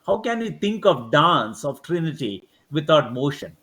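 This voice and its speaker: A man with a fairly high voice explains a theological point in a reflective way. He speaks as a panelist on a video-call webinar. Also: big pitch swings, moderate pace, a bit bright.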